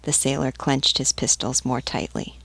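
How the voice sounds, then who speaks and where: A woman reading a novel aloud in a steady, measured narration. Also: rumbling low, creaky, husky, dry recording. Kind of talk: audiobook reading.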